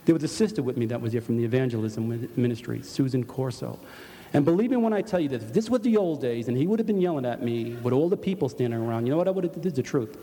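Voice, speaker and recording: A man's voice: mid-range voice, animated, racing, dark tone. An older man with a New York accent giving an earnest spoken testimony to a congregation, full of restarts. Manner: earnest storytelling with repeated restarts. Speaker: church member giving testimony. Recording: long church hall reverb.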